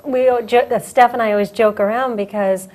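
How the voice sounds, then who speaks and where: A young woman hosting a casual talk show, animated and laughing, acting out little quoted lines. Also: on the high side, brisk. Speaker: host. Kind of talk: casual chat.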